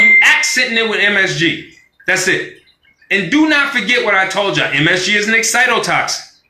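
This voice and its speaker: A man with a high, sharply bright voice rants live to his viewers. He talks loosely and with plenty of profanity, and he acts out quoted voices along the way. The room rings with echo around him. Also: lively intonation, normal speed, a little hiss or hum. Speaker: vlogger on a live stream. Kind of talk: casual profane rant.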